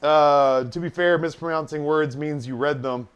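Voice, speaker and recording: A man's voice: on the high side, fairly even intonation, moderate pace, clean tone. A man streaming live, telling a long story from his waiting days in a casual, profane, self-deprecating way.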